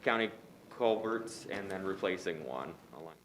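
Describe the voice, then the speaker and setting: A man's voice: deep voice, animated, moderate pace, a bit bright, a little hiss or hum, low-quality recording. A man presenting a resolution at a county board meeting, hesitant with many fillers. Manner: hesitant, many ums and restarts.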